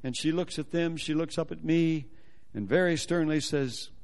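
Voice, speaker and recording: A man telling a personal testimony as a sermon, animated and acting out the voices of the people in his story. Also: fairly high pitch, moderate pace.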